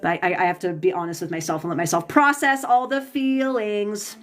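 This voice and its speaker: A woman's voice: medium pitch, steady tone, brisk, soft background music. A woman reading tarot on a livestream, venting heatedly and profanely as she answers viewers' comments, stumbling and restarting her sentences. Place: home, Pacific time zone.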